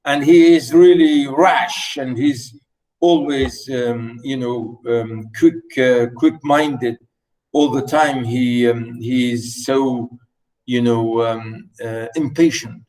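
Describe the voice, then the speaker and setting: A man's voice: mid-range voice, steady tone, slow, a little mellow, far from the mic, low-quality recording. A man teaching a play, hesitant, with many fillers, repeating and rewording phrases as he explains. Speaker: literature teacher.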